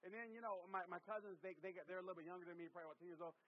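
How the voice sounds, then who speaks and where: A man in his thirties from the US West Coast preaches to a congregation in a fairly high voice. His delivery is animated and jokey, full of repeats and restarts. The recording sounds dull and lo-fi. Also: racing. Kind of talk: sermon. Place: church hall with congregation.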